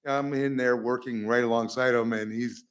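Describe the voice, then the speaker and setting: A man giving public comment at a council meeting, telling an animated story and acting out what people said. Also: medium pitch, normal speed. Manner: animated storyteller, acts out quotes, laughs at himself. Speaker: resident speaking at public comment. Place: city council chamber.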